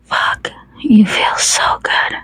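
A woman voicing a commanding adult man in whispered role-play, in a breathy, low murmur. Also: fairly even intonation, slow, darkish tone, no echo, full character voice, rough recording. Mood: strained.

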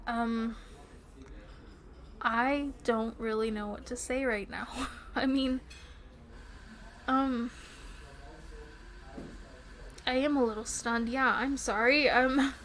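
A woman's voice: fairly high pitch, steady tone, slow pace, pauses often, fairly bright tone, a little hiss or hum. A woman playing a giggly teasing girlfriend. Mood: stunned. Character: playful teasing young adult girlfriend. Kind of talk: romantic audio role-play.

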